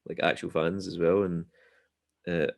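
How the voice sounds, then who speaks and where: A Scottish man chatting as a podcast guest, telling relaxed, self-deprecating stories. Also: deep voice, measured pace, gravelly. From Scotland. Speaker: guest musician. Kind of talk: casual podcast chat.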